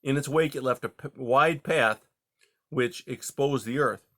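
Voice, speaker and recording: Man reading a storybook, bright gravelly voice. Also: medium pitch. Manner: steady, measured reading. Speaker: audiobook reader. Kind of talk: storybook narration.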